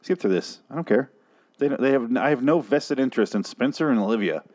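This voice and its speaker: A man's voice: mid-range voice, lively intonation, fast, a little mellow, lightly acted. A man voicing a fed-up woman who curtly and dismissively brushes everyone off with swearing.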